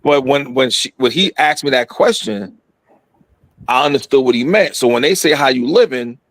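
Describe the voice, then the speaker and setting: A middle-aged man telling a story in casual podcast chat, animated and profane, acting out what people said. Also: medium pitch, moderate pace, no room sound. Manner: animated, profane, acts out quotes.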